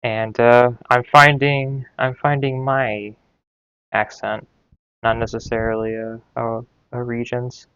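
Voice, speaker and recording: A man's voice: mid-range voice, little pitch movement, slow pace, fairly bright tone, clear, resonant tone, dry recording, dull audio. A man learning a language, thinking aloud in a casual, hesitant way, trailing off and repeating sounds to himself.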